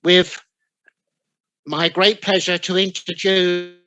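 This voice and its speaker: A man's voice: sits high, flat delivery, slow pace, bright, forceful tone, rough recording. A man with a London accent chairing an online award ceremony, courteous and a little apologetic as he reads out names over a video call. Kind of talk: formal ceremony address.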